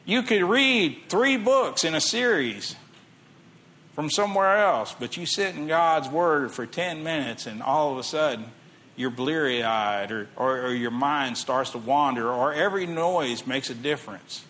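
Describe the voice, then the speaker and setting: A man's voice: a little high, expressive, a little slow, fairly bright tone, slight background noise. A middle-aged man preaching a sermon in a conversational way, reading scripture aloud and asking the listeners questions. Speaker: pastor.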